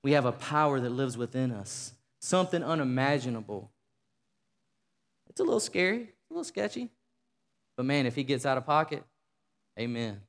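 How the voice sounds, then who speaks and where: A man preaching a sermon to a congregation, rising to fervent shouting and leading call-and-response. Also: mid-range voice, lively intonation, moderate pace, pauses often. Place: church sanctuary. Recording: long reverb of a large hall.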